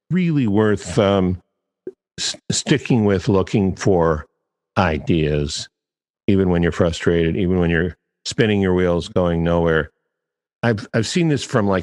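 A man's voice: on the low side, darkish tone, big-room sound. A man hosting a podcast, talking casually in a chatty, digressive and self-deprecating way. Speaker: podcast host.

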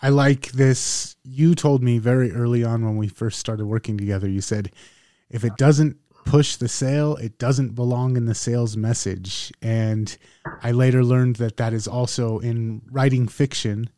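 Mellow-voiced man musing in conversation. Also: medium pitch, steady tone, unhurried, dry recording, clean studio sound. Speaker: podcast co-host. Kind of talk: casual conversation.

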